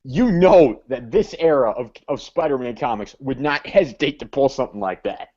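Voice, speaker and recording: A man's voice: medium pitch, lively intonation, normal speed, darkish tone. Hesitant man on a muffled mic. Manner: hesitant, many fillers and restarts. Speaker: co-host. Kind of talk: casual comic book discussion.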